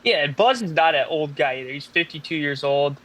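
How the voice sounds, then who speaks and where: A man's voice: on the high side, lively intonation, brisk, a bit bright. Man sharing hoops opinions with many fillers. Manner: hesitant, lots of uh fillers, opinionated. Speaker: podcast co-host. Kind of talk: casual sports analysis chat.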